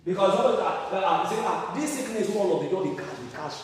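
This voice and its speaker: A Nigerian man preaches a sermon with a high voice, calling out questions and pushing to loud emphatic peaks. He sounds far from the mic in a large hall with heavy echo and a long reverb tail. The recording is roomy and distant. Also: lively intonation, fairly quick. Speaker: pastor.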